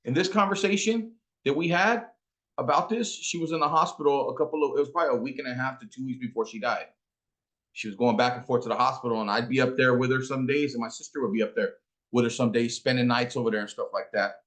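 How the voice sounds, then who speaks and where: A man in his forties telling a personal story about his late mother, slow and emotional, with some street slang. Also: mid-range voice, a bit bright. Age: 40s. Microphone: interview.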